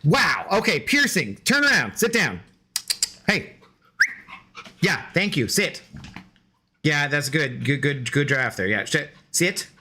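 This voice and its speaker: A man's voice: on the high side, very animated, slow, long pauses, pushed and bright, a little hiss or hum. A man streaming video games, chatting playfully with his dog and his viewers. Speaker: game streamer. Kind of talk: casual live-stream chat.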